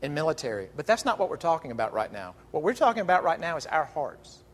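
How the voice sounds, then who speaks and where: A male pastor delivering an animated, emphatic sermon, drawing out key phrases. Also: fairly high pitch, fast. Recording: long reverb of a large hall.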